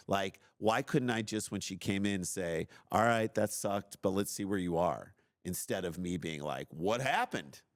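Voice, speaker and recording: A middle-aged man hosting a podcast, telling a personal story in an animated, self-deprecating way and acting out his own outbursts. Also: low voice, no room sound, clean studio sound. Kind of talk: casual storytelling.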